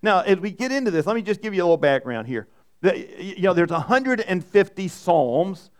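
Earnest pastor with a high voice. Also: male voice, sing-song, a little fast. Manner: repeats words and restarts often, earnest. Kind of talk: sermon.

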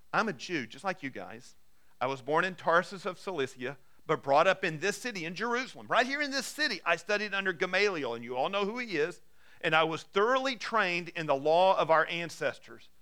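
A man preaching with a high, bright voice. He reads scripture dramatically, dropping to a hush and then rising to emphatic peaks. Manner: dramatic scripture reading, swings between hushed and emphatic. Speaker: pastor. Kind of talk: sermon.

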